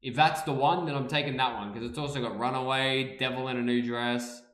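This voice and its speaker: A man's voice: medium pitch, fairly even intonation, a little fast, a bit bright, roomy sound. A man streaming live and reacting casually, playful, repeating words over and over and swearing freely.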